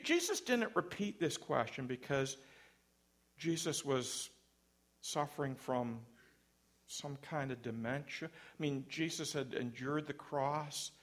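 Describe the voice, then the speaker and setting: A man's voice: mid-range voice, a bit bright. A man preaching a sermon in church, conversational and self-deprecating, with light humor between points. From Canada.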